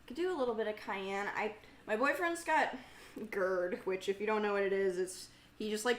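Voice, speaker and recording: Young woman, mumbly grumbly voice, casual stream chat, swears freely. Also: slight background noise. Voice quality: mumbly, grumbly low speaking voice. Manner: chatty and swears freely, laughing often. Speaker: livestream host and singer. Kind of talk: casual livestream chat reading viewer comments.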